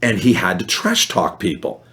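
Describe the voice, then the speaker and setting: An animated man appears as a podcast guest, casually telling a story at a moderate pace. He acts out quoted voices with big jumps in pitch.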